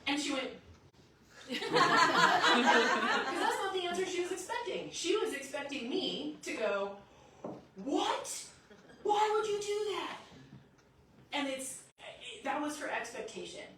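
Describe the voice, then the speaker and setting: A woman's voice: high voice, unhurried, heavy background noise. Woman preaching in an echoey church. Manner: lively storytelling, acts out quotes. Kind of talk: sermon. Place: church sanctuary. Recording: echoey church hall from a distance.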